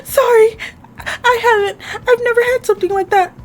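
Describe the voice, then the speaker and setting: A woman's voice: very high-pitched, sing-song, measured pace, pitched above the performer's own voice, full character voice. A woman voicing a timid young female barista who talks nervously and stammers. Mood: teary.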